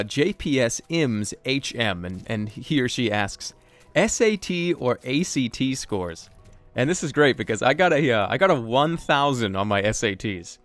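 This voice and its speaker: A man answering viewer questions in a casual voice-over, joking and self-deprecating, talking in a lively, animated way. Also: mid-range voice, dry recording.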